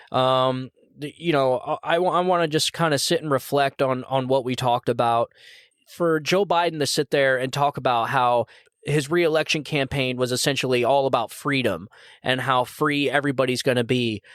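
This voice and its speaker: A man's voice: mid-range voice, a bit bright, no echo, studio quality. A man hosting his own podcast, giving blunt, indignant political commentary and often saying "come on, man". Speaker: podcast host.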